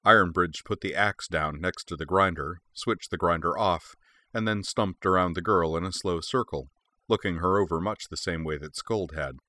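A man narrating an audiobook in a steady, measured reading. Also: deep voice, no room sound.

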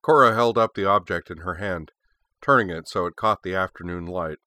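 A man narrating a story in a steady, measured way. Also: deep voice, no echo, studio quality. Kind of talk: story reading.

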